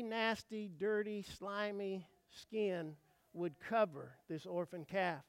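A man preaching a sermon, telling folksy stories and asking the congregation questions, swinging from hushed asides to loud emphatic outbursts. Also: high voice, gravelly, dry recording, studio quality.

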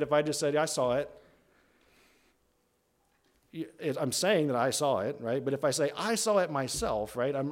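A man teaching verse by verse through a Bible book, deliberate and emphatic, often checking in with "right?". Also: on the high side. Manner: deliberate, stretches key words, often adds "right?".

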